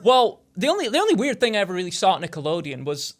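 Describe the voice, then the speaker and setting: A young man with a notably high-pitched voice tells a long story as a podcast guest. He rambles, stacks up fillers and gets animated as the tale builds. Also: fast talker. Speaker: podcast guest, indie filmmaker. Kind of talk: casual anecdote telling.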